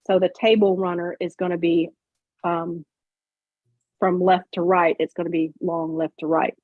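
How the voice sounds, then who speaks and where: A woman's voice: fairly low pitch, level tone, normal speed, no room sound, narrow, tinny audio. A woman hosting a casual livestream, explaining step by step with lots of fillers. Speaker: host. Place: home sewing room on a video call.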